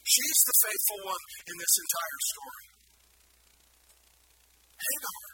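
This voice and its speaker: A man preaching a sermon in an animated way, putting questions to the congregation. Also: very high voice, slow. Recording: loud background noise.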